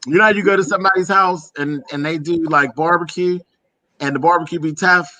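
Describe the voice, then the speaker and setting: A chatty man from Pennsylvania with a bright, sharp tone and a slightly high pitch. He talks casually and loosely, tossing in "honey" and "girl" and laughing along the way. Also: steady tone, brisk, no echo. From Pennsylvania, USA. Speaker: host. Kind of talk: casual chat.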